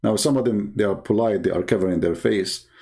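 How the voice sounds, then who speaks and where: A man in a polemical monologue who answers critics in a mocking, combative way and rises to loud, indignant outbursts. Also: lowish voice, fairly quick. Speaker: religion critic answering viewers.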